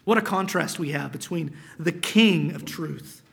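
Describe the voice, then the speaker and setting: A man's voice: a little high, unhurried, gravelly. A male pastor preaching a sermon, reading scripture aloud and explaining it, sometimes dropping to a whisper for emphasis.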